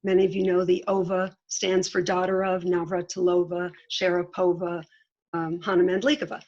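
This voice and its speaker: A woman telling lively, self-mocking stories as an interview guest over a video call. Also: lowish voice, moderate pace, dull audio. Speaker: guest, veteran sports broadcaster.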